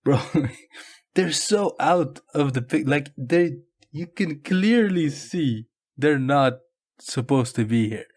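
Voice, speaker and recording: A young man co-hosting a podcast, talking in a relaxed, agreeable way with casual swearing. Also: a little high, slow. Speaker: podcast co-host. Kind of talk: casual chat.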